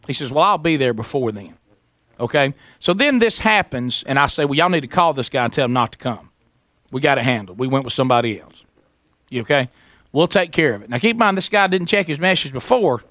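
Bright-voiced radio host spinning a yarn. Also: male voice, medium pitch, brisk, dry recording. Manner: animated, acts out quoted voices, sarcastic. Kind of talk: casual storytelling on talk radio. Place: radio studio.

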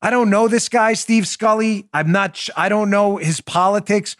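A man's voice: sits high, moderate pace, a bit bright, no echo, clean studio sound. A man hosting a political commentary podcast, talking emphatically and with indignation, addressing his listeners directly. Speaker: podcast host.

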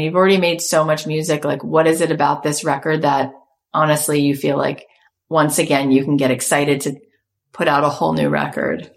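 A woman with a notably low voice hosts an interview, enthusiastic and affirming as she responds and asks questions. She speaks in an easy conversational way. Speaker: podcast host.

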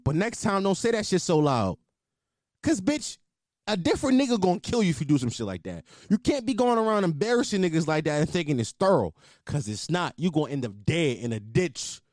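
A man in his twenties telling a story casually, animated and full of profanity. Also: fairly high pitch, no echo, studio quality. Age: 20s. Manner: profane, animated, exaggerated outrage.

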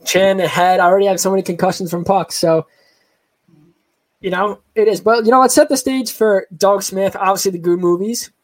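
A man co-hosting a hockey podcast, joking around and talking fast. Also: high-pitched, steady tone, poor audio. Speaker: podcast co-host. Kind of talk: casual chat.

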